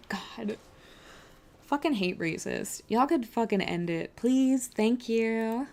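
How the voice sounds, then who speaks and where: Gravelly, blunt-talking woman. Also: fairly high pitch, lively intonation, slow pace, a little mellow, a little hiss or hum. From Canada. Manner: blunt, swears heavily, angry and impassioned. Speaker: live streamer reacting to a debate. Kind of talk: heated reaction commentary.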